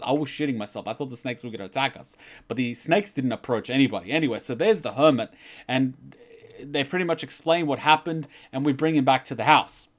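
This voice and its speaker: A man, an anime reaction channel host, telling a personal story in a casual, animated way, swearing freely and getting louder when excited. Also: mid-range voice.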